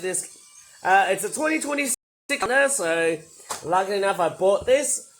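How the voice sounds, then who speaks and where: A hoarse man recovering from a sore throat, rambling excitedly through a casual toy unboxing review with loud bursts. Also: sits high, a little hiss or hum, rough recording.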